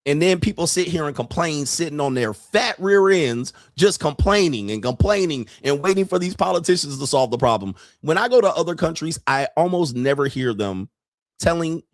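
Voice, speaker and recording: A man hosting a casual commentary show, talking bluntly and profanely, laughing often and rising into animated disbelief. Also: on the high side, normal speed, dry recording, clean studio sound. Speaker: podcast host.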